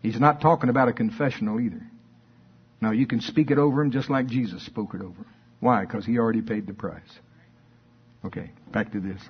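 A man's voice: on the low side, fairly quick, husky. A man preaching a fervent sermon and reading scripture aloud, in a dull lo-fi recording.

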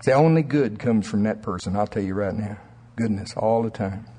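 Husky-voiced male preacher. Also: fairly low pitch, moderate pace. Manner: animated storytelling, laughs often. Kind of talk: sermon. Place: church sanctuary.

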